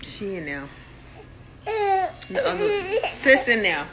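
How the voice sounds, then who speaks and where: A woman's voice: a little high, huge pitch swings, takes it slowly, over music. A young adult mother chatting in playful sing-song baby talk to her little ones on a phone live stream. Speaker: mother livestreaming with her babies.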